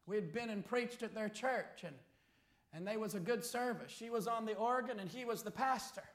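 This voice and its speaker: A man preaching a sermon, telling a story and rising to shouted appeals. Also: high-pitched, moderate pace. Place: church. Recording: echoey church hall.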